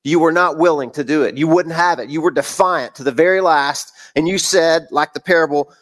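A male pastor preaches with earnest emphasis, repeating phrases for weight. His voice sits a bit higher than most men's. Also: fairly quick, few pauses. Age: adult parent of several kids. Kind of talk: sermon.

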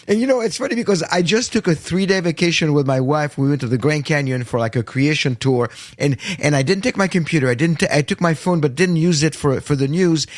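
A man, a guest on a radio show, talking in an animated way and laughing often. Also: on the high side, no room sound, studio quality. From France. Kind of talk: radio interview.

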